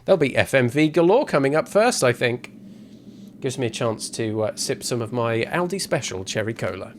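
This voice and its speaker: A man's voice: medium pitch, lively intonation, normal speed, slight background noise. A man giving casual, rambling gameplay commentary as a streamer, with self-mocking asides. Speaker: game streamer.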